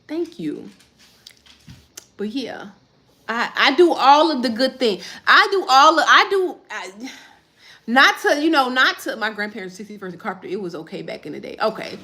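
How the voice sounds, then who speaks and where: Woman in her thirties, livestream chat, rambling, lively pitch, bright tone. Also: normal speed. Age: 30s. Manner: chatty, rambling, reading and answering viewer comments.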